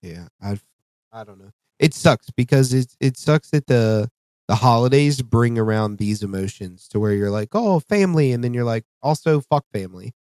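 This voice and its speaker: A man's voice: medium pitch, normal speed, a little mellow, clean tone, no room sound. A man co-hosting a podcast in casual, profane, rambling chat, tired and yawning. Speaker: podcast co-host.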